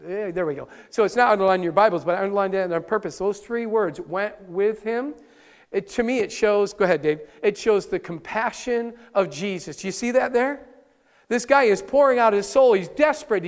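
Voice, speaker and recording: High-pitched preaching man, reverberant hall. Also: brisk. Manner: earnest, animated preaching with frequent restarts. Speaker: pastor. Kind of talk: sermon. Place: church sanctuary, live-streamed service.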